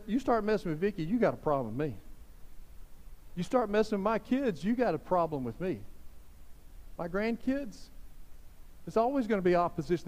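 Pastor, man in his fifties, high voice, fervent exhorting sermon, long church-hall echo. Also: a little mellow. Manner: fervent, exhorting, repeats phrases for emphasis.

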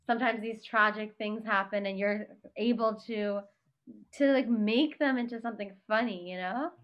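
A woman's voice: medium pitch, steady tone, moderate pace, highs cut off. A woman interviewer asking questions in a casual, rambling way, leaning on "like" a lot. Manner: rambling, heavy use of "like".

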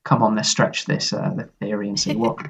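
A man co-hosting a podcast in casual chat, wry and rambling, with a husky voice and a recording that turns muffled at times. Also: fairly low pitch, little pitch movement, brisk, a bit bright, a little hiss or hum. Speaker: podcast co-host. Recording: muffled at times from tech problems.

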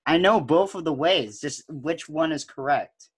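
A man's voice: fairly high pitch, animated, unhurried, slightly rough. A man co-hosting a casual podcast, joking and rambling with lots of fillers. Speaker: podcast co-host. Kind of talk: casual chat.

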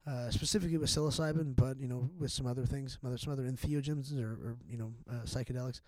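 A man's voice: medium pitch, steady tone, fast talker, darkish tone, no echo. A middle-aged man talking as a podcast guest in a candid, casual chat, rambling and profane, with many restarts and fillers.

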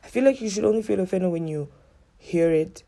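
Talking a little fast in a low-leaning voice with vocal fry, a woman rants casually to her viewers as she tells stories. She's blunt, swears freely and gives an animated retelling, voicing what others said.

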